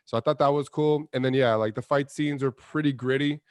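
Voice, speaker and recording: A man's voice: mid-range voice, fairly even intonation, brisk, smooth, no room sound, clean studio sound. A man co-hosting a casual movie review chat, rambling in a laid-back way with lots of fillers. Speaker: co-host of a movie review show.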